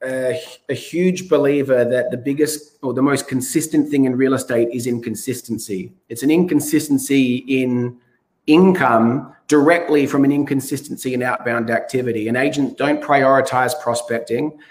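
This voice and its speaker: Man, slightly hoarse, coaching tone, restarts sentences, stresses key words. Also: medium pitch, fairly even intonation, normal speed, a little mellow. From Australia. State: a bit hoarse. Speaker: real estate coach. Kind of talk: podcast interview.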